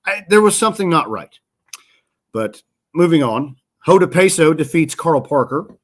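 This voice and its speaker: A man's voice: a little high, very animated, moderate pace. A man co-hosting a laid-back podcast, talking through wrestling results in a loose, rambling way. He often stops to correct himself and backtracks mid-sentence. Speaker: podcast co-host. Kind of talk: casual chat about wrestling.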